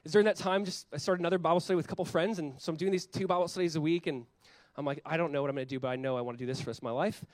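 A young adult man, a pastor, preaching a sermon in a conversational, animated way and acting out the voices he quotes. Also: fairly high pitch, racing, hardly any pauses, dry recording.

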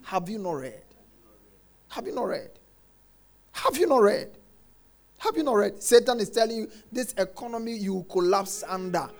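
Emphatic high-voiced preacher man. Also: expressive, moderate pace, gravelly, long pauses. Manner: emphatic, repeats phrases, swings between soft and shouted lines; quotes scripture, acts out congregants' complaints. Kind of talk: sermon.

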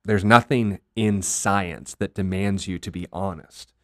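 Earnest low-voiced pastor, dry sound. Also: male voice, steady tone, no echo. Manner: earnest, explanatory, brisk. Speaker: pastor and host. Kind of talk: faith discussion podcast.

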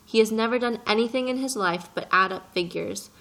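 A woman's voice: fairly high pitch, brisk, a bit bright. A woman voicing an earnest little boy prince who presses his questions with passion in an audiobook reading. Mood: indignant. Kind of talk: audiobook character voice.

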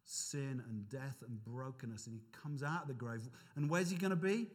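A man preaching a sermon as pastor, animated and emphatic, with asides to his congregation. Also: medium pitch, moderate pace. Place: church.

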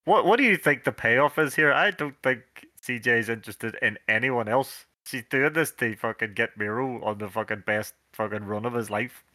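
A man's voice: medium pitch, normal speed, few pauses, sharp tone, no room sound. A man co-hosting a podcast, chatting about wrestling with enthusiasm and plenty of swearing. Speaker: podcast co-host. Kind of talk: casual wrestling chat.

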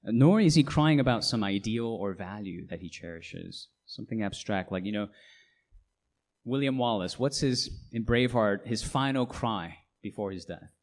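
A middle-aged male pastor delivering a sermon in a somewhat low voice. He preaches emphatically, often tossing in rhetorical questions to the congregation. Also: expressive, normal speed.

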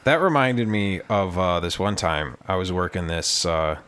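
A man's voice: low-pitched, normal speed, slight background noise. A man hosting a casual radio talk show, telling stories and acting out the people in them. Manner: animated storyteller, acts out quotes. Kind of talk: casual banter and storytelling.

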